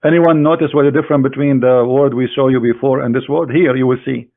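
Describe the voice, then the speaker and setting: Man, mocking combative debater, halting english, screen-share lecture, middle pitch, thin phone-like sound. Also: fairly even intonation, vocal fry. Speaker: online debater. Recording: tinny phone-like online audio.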